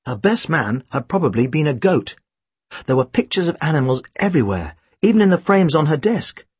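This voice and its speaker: A man's voice: fairly high pitch, very animated, a little fast, slightly rough, dry recording. A man reading a first-person storybook aloud with a dry, wry delivery. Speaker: audiobook narrator.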